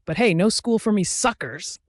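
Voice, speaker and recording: A man's voice: high-pitched, animated, normal speed, no echo, studio quality, pitched above the performer's own voice. A man voicing a brash, foul-mouthed teenage werewolf girl who talks in a mocking, defiant way.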